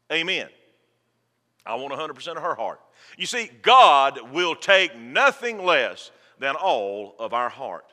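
A man preaching in a church, fervent and folksy, cracking jokes with his congregation. His voice sits a little high and rings sharp and forceful. A long reverb trails off the sanctuary walls. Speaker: pastor. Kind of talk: sermon.

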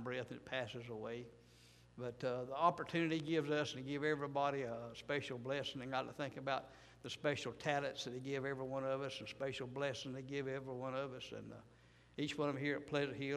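A man's voice: mid-range voice, fairly bright tone. A man preaching a folksy, rambling sermon, humble and self-deprecating, repeating his words as he goes. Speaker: pastor. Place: church. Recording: echoey church hall.

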